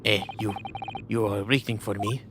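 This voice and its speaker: A man's voice: fairly low pitch, steady tone, normal speed, over music, natural voice. A man voicing a blustering, suspicious male sailor with a put-on Russian accent and broken English. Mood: wary. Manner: broken English, blunt and defensive.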